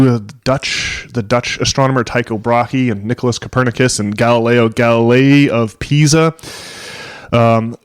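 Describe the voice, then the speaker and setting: A man's voice: mid-range voice, creaky. Rambling male podcast host. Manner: rambling, with frequent fillers, restarts and chuckles. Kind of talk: casual podcast chat.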